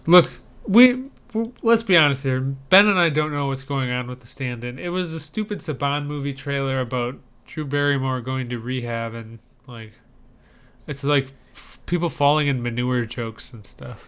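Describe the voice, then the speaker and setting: A man's voice: mid-range voice, normal speed, a bit bright, clear, resonant tone. A man co-hosting a casual movie-trailer podcast, chatting loosely with plenty of likes and ums. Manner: conversational, lots of likes and ums. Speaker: podcast co-host reviewing trailers. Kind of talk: casual chat.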